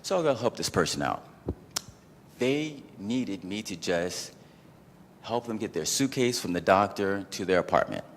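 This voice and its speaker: Deep-voiced man telling a story in a hall. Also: unhurried, slight background noise. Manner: animated, acts out his own inner voices; casual, peppered with "like" and "you know". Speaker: event speaker. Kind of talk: personal storytelling talk. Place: event venue.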